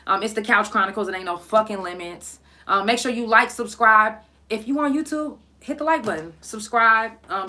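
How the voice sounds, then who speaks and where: A young woman hosting a podcast, telling a story in blunt, profane, animated casual talk. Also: mid-range voice. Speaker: podcast host.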